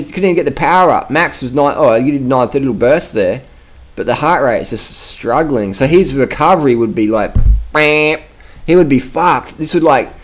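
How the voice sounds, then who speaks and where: An Australian man vlogging about cycling, giving casual commentary over a video in a brash, profane, emphatic way. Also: mid-range voice. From Adelaide, South Australia.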